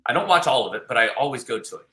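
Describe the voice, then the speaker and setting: A man chats about golf in a rambling, emphatic way, his voice bright and forward. The room around him rings with a noticeable echo. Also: mid-range voice, lively intonation, racing. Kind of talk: casual golf chat.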